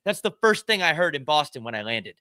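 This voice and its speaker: A man co-hosting a loose podcast chat, ranting hard and swearing freely. His voice is bright and forceful, a touch high for a man, and sits in a dry, close sound. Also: big pitch swings, fast talker, clean tone, dry recording. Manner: fired-up, profane ranting. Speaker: podcast co-host. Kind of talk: casual chat.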